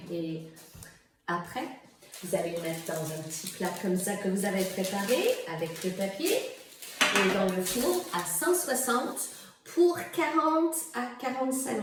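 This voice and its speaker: A woman's voice: mid-range voice, a little hiss or hum. A woman from Canada chatting casually and digressively through a home cooking video, laughing often. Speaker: home cook. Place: home kitchen. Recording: very echoey room, mic far off.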